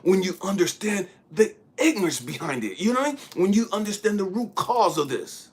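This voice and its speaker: A man's voice: high voice, lively intonation, a little fast, slightly rough. A man giving a blunt, profane spiritual monologue, preaching hard and at times dropping into a whisper. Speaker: spiritual speaker.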